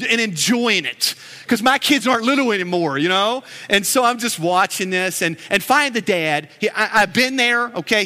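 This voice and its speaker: A man's voice: extremely high pitch, pushed and bright. A middle-aged man preaching a sermon as pastor, earnest and emotional, telling stories between prayers in a church. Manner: earnest, emotional, with storytelling asides. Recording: echoey hall with long reverb.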